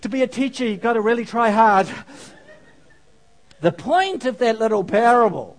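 A man's voice: very high-pitched, lively intonation, moderate pace. A man preaching a sermon, telling a funny parable and asking the congregation questions. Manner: storytelling, asks the audience questions, laughs at own jokes.

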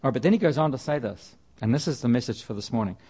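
Man, preacher, conversational sermon, repeats and restarts phrases, mid pitch. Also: animated, very fast, mellow, husky. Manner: conversational, with frequent restarts and repetition.

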